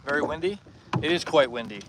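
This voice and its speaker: A man's voice: on the high side, fairly quick, distant mic. A young man from Northern Ontario, Canada, chatting casually with viewers while fishing on a lake outdoors. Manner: relaxed, chatty, reads and answers viewer comments. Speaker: fishing livestreamer. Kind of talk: casual live-stream chat. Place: outdoors by a lake on a windy day. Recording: loud wind noise over outdoor mic.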